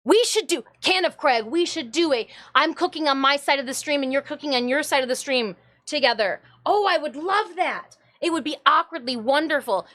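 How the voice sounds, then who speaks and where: A woman from Michigan chatting casually on a live stream, an excitable storyteller who keeps breaking into laughter. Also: high-pitched, normal speed, hardly any pauses. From Michigan, USA. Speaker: streamer and cosplayer.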